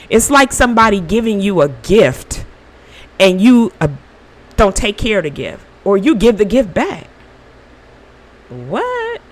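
A woman hosts her own podcast, sharing an earnest spiritual reflection. Her voice swings widely in pitch, moving from quiet, slowed phrases to animated bursts. She speaks informally and encourages her listeners through faith. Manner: earnest, emotional, with bursts of laughter. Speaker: podcast host.

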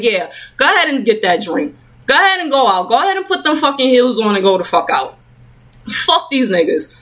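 A woman's voice: fairly high pitch, a bit bright. A mother ranting heatedly to camera at home, swearing freely and leaning on fillers, hot and sweating as she talks. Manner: profane, fired-up, filler-heavy. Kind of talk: heated casual rant to camera.

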